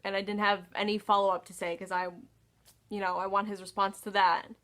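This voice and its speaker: A woman's voice: mid-range voice, level tone, a little fast, fairly bright tone. A woman vlogger telling a story in a casual, exasperated way, sighing often and swearing freely.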